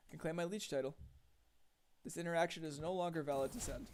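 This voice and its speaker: A man's voice: a little high, quick pace, a little mellow, clear, resonant tone. A young man streaming a strategy game, chatting to his viewers, thinking aloud and getting easily exasperated. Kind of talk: casual gameplay commentary to chat.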